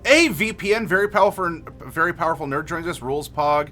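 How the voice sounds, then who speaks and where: A male streamer talks casually to his chat, rambling and full of filler words. His voice sits a bit high and sounds bright and forceful. Faint music plays under him. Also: expressive, brisk. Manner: rambling, reads chat messages aloud with many fillers.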